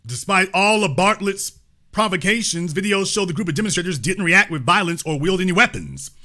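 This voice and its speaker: A man hosting a commentary show reads news aloud and breaks in with emphatic remarks, repeated points and pointed rhetorical questions. His voice sits high and is animated, fairly quick, pushed and bright.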